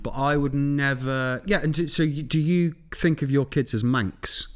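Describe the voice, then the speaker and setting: A man's voice: mid-range voice, fairly even intonation, normal speed. A man talking as a podcast guest and food presenter, telling jokey stories bluntly and swearing freely. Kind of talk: casual chat.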